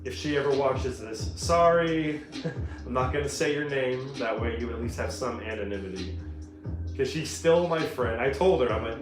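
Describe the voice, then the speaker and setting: With lively intonation and a moderate pace in a mid-range voice, a man livestreams while painting at home, telling profane stories and laughing often. Faint guitar music and a roomy echo fill the background.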